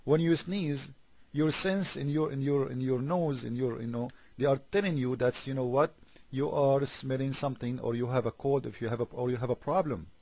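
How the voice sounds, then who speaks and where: A man's voice: mid-range voice, steady tone, normal speed, dry recording, dull audio. A man whose first language is Arabic, giving sarcastic critical commentary on scripture and firing off rhetorical questions. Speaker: religious debater.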